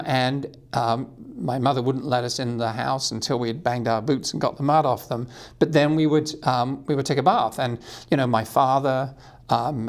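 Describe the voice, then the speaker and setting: A man from England, a guest author telling a rambling, self-mocking story in a community TV studio. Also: medium pitch. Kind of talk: casual storytelling and singing.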